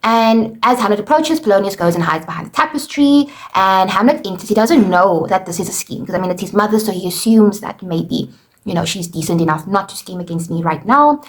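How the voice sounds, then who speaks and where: A woman teacher with a brisk, lively, mid-range voice recaps a play for students in a casual lesson. She's chatty, paraphrasing the characters' lines and peppering her talk with "okay" and "you know."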